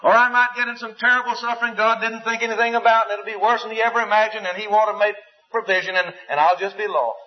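A man's voice: sits high, little pitch movement, quick pace, lo-fi sound, voice pushed up, close to an everyday voice. A man voicing an anxious, doubting male churchgoer who frets that he will be left to suffer. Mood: worried.

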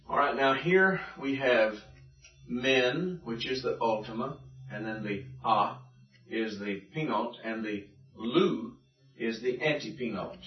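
A male teacher giving a patient, methodical classroom lecture, repeating and drilling points for his students. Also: mid-range voice. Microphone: room recording from a distance. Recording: distant echoey classroom recording, dull lo-fi.

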